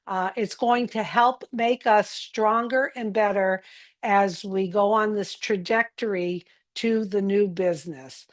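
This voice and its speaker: A woman presenting casually to viewers, slow and encouraging, with frequent fillers. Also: medium pitch, steady tone. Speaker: community presenter.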